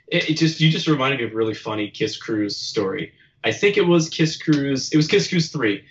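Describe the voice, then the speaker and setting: A man hosting a casual podcast chat, telling a story with laughs and shouted impressions. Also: medium pitch, animated, brisk, lo-fi sound, slight background noise. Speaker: podcast host.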